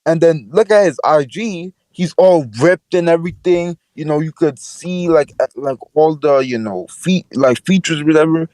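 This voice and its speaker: A man's voice: on the high side, moderate pace, hardly any pauses, darkish tone, no room sound, low-quality recording. A man in casual podcast chat, slangy and insistent, repeating himself to get a point in.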